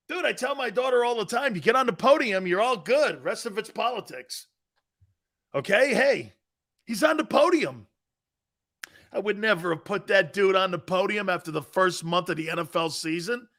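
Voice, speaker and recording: A middle-aged man hosting a sports talk show, brash and sarcastic, swearing and breaking into shouted outbursts. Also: sits high, lively intonation, normal speed. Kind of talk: opinionated sports radio talk.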